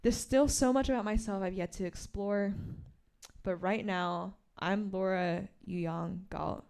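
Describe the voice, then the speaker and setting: A woman author reading from her graphic memoir and explaining its pages, a lively storyteller who acts out the quoted lines. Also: medium pitch, unhurried, vocal fry, clear, resonant tone. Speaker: author at a bookstore event.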